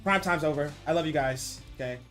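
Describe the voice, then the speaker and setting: A man hosting an esports fight show, giving excitable post-fight commentary with brash, repetitive trash talk. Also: a little high, brisk, soft background music.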